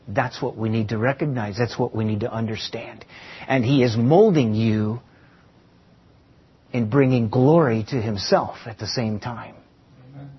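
Here a pastor's mid-range, slightly rough voice carries a church sermon full of rhetorical questions and emphatic repeated phrases. It's captured on a dull, lo-fi recording.

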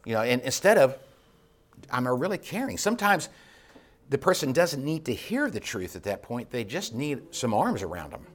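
A man leading a Bible class, talking in a loose, conversational way that breaks into restarts. He grows passionate, lifting his voice and then letting it sink low and quiet. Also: sing-song, moderate pace. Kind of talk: teaching sermon.

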